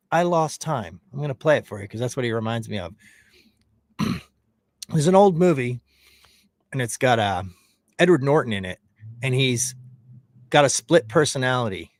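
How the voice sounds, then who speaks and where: A man's voice: mid-range voice, lively intonation, moderate pace, long pauses, no echo, studio quality. A man streaming a heated, profane commentary, mocking the person he talks about. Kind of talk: ranting commentary.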